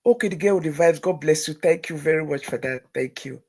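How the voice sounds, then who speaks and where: A middle-aged woman, hosting a livestream and telling a personal story, moving between hushed near-whispers and tearful outbursts. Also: low-pitched, fairly quick. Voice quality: gravelly, very husky voice. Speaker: livestream host.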